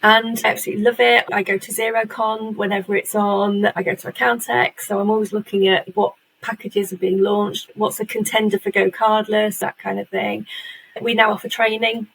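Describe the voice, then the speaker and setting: A woman talks through her business in a chatty, self-deprecating way, laughing at herself as she goes. Her voice has a gravelly, slightly husky edge. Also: medium pitch, flat delivery, moderate pace, a bit bright, poor audio. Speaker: guest, virtual assistant agency owner. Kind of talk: casual interview chat.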